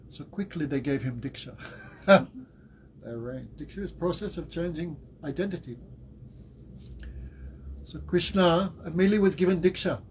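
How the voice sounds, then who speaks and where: A man giving a devotional class as a spiritual teacher, telling the story in a lively way. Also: a little high, slight background noise, poor audio. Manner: animated storytelling with laughs and acted quotes.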